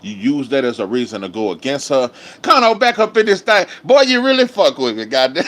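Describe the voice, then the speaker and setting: A man's voice: mid-range voice, sing-song, normal speed, few pauses, fairly bright tone. A man, hosting a live-stream commentary with profane, emphatic ranting. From Dallas area, Texas. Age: 30s. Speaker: host.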